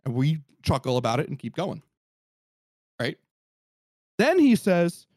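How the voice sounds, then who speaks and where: A man telling a story in casual podcast chat, animated and profane, acting out what people said. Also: fairly high pitch, measured pace, pauses often, dry recording, clean studio sound. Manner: animated, profane, acts out quotes.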